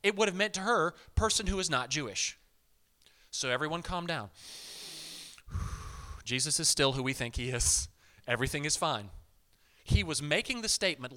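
A man delivering a sermon in a conversational, animated style, often turning to the congregation with asides. His voice sits fairly high and sounds bright and forceful. His pitch rises and falls widely. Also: normal speed. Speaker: pastor.

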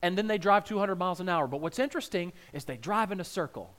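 A Southern American man gives a sermon as folksy, funny storytelling, trading jokes with the congregation. He talks fast and animatedly, his voice pitched high and a bit bright.

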